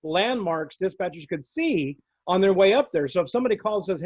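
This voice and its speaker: A man with a high voice tells stories in casual conversation, playing out the voices of people he quotes. His voice sounds dry and a little dull, with no room behind it. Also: brisk, no echo. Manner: animated storyteller, acts out quotes. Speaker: podcast co-host, former dispatcher. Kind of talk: casual storytelling chat.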